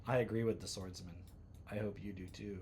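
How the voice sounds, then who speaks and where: A man's voice: on the low side, steady tone, a little fast, darkish tone, a little hiss or hum. A man hosting a livestream from home, reading posts aloud and breaking in with sarcastic, incredulous asides. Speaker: livestream host.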